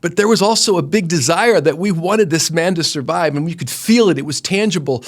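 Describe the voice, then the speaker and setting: A middle-aged man, a company founder, telling stories earnestly in an interview, animated, often restarting his sentences. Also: a little high, a little fast. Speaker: guest, roofing company founder. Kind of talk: conversational interview storytelling.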